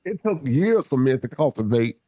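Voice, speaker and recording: A man's voice: mid-range voice, very animated, moderate pace, warm tone, dry recording, dull audio. A man hosting an interview, asking long questions and affirming his guest often. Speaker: host, interviewer. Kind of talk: casual conversational interview.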